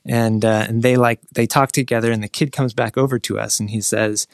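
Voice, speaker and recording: A man's voice: medium pitch, steady tone, fairly quick, gravelly, hardly any pauses, no room sound. A man tells a story in a loose, meandering way, often stopping and restarting his sentences. His voice sits in a middle range, and the recording is close and dry. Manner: rambling storyteller with many restarts, mimics people in quotes. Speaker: guest telling a travel story. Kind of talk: casual podcast chat.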